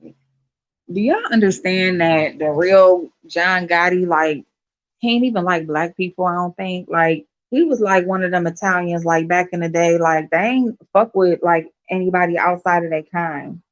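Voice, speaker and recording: A woman's voice: lowish voice, a little slow. Chatty swearing woman, dull lo-fi sound. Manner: loud and expressive, laughs a lot, swears casually. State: yawning, tired. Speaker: vlogger. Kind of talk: casual chat to viewers.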